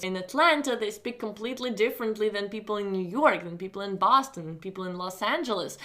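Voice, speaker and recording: A woman's voice: on the high side, a bit bright. Encouraging woman teaching a test-prep course. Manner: encouraging, direct address to students. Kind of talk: online course lecture.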